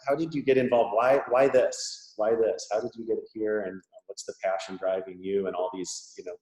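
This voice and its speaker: A man's voice: on the low side, darkish tone. A man interviewing a guest casually, with friendly joking asides and rambling questions. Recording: echoey room with long reverb.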